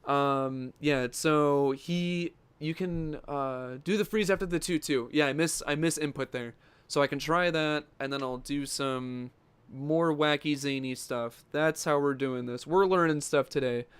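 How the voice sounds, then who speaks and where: Excitable young man streaming a fighting game. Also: fairly high pitch, unhurried, few pauses, smooth, no echo. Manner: chatty and excitable, talks to chat, laughs often. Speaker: gaming livestreamer. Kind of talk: casual live gameplay commentary.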